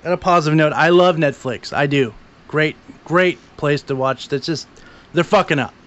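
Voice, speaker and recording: A man co-hosting a casual podcast, ranting with lots of swearing, swinging from grumbling to shouting. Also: fairly high pitch, normal speed. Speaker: podcast co-host. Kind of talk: casual chat. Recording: dull lo-fi podcast audio.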